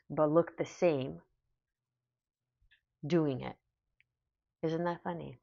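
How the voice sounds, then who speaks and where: A woman giving a spiritual tarot reading in a soft, slow, emotional and affirming way. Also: deep voice, creaky, no room sound. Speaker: tarot reader. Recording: dull, lo-fi sound.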